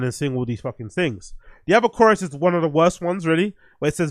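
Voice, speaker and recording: A man's voice: on the high side, fairly quick, dry recording. Blunt, profane man, dry sound. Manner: blunt, profane, rambling with restarts. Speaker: streamer host reviewing music. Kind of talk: casual livestream commentary.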